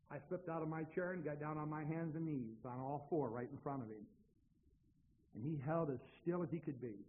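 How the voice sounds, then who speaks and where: A man's voice: on the high side, fairly quick, a little hiss or hum. A man preaching a sermon, telling a story in a dramatic way and acting out both sides of a conversation. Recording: tinny phone-like sound.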